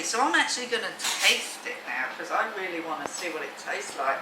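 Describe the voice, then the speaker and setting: A woman's voice: mid-range voice, sing-song, normal speed. A woman vlogging casually from her home kitchen, chatty and enthusiastic with many ums and restarts. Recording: echoey room, distant mic, noisy.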